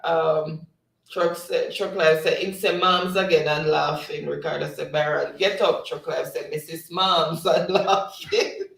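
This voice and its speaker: A man's voice: a little high, fairly even intonation, unhurried, gravelly, fairly bright tone, reverberant, recorded from a distance, poor audio. A man hosting a livestream, reading out viewers' comments in casual chat and laughing often. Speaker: livestream host.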